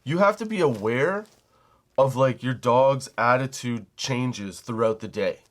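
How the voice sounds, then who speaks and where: A man's voice: medium pitch, unhurried. Brief: young male comic host, loose and rambling, profane, storytelling mode. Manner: rambling, animated, swears casually. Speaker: comedy podcast host. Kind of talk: casual storytelling monologue.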